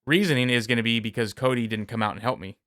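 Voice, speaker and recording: A man's voice: mid-range voice, fast talker, a bit bright, dry recording, clean studio sound. A man co-hosting a podcast, chatting casually and agreeing often. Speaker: podcast co-host. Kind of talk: casual chat.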